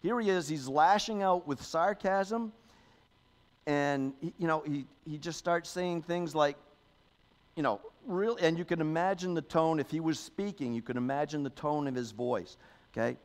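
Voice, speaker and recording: A man's voice: on the high side, moderate pace. A man, a pastor, giving a sermon in a conversational style, often adding "okay?" and "you know", and reading scripture aloud with emphasis.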